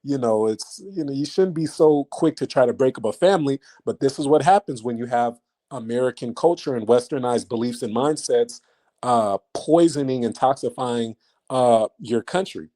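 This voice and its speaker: A man hosting a livestream, talking casually to his chat in an animated, mocking way and throwing repeated questions at the audience. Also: mid-range voice, moderate pace. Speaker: livestream host.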